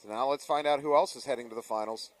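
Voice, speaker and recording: A man calling play-by-play on a live paintball match, with quick reactions and teasing banter. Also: medium pitch, far from the mic, poor audio. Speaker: play-by-play commentator.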